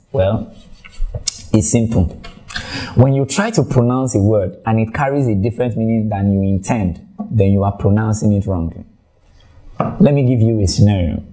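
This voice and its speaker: A man's voice: medium pitch, dark tone. A man with a Nigerian accent teaching exam speaking skills in a conversational way, often repeating words as he thinks. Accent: Nigerian English. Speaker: IELTS tutor. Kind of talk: online teaching video.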